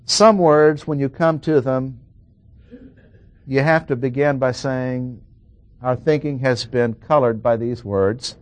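A man delivering a verse-by-verse sermon at an ordinary mid-range pitch. He slows down to stress single words and throws questions at his listeners. The recording is dry and close, with little room sound. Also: dry recording. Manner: emphatic, drawn-out stresses on key words, asks the audience questions. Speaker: preacher. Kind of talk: sermon, Bible exposition.

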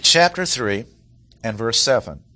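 Bright-voiced man preaching a sermon. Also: medium pitch, animated, a little slow, soft background music. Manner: emphatic, acts out quoted lines with shifting tone; clears throat often, restarts phrases. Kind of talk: expository sermon.

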